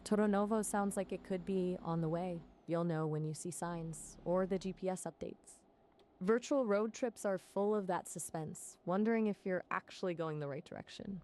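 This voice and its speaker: A woman's voice: on the low side, moderate pace, dark tone, slight background noise. A synthetic woman's voice acting as an AI companion, chatty and full of playful quips. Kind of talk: conversational AI chat.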